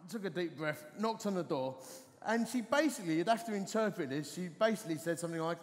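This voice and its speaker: A man, preaching a sermon as an animated, self-deprecating storyteller on a festival stage. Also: high-pitched, quick pace, big-room sound, slight background noise. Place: festival stage in a large hall.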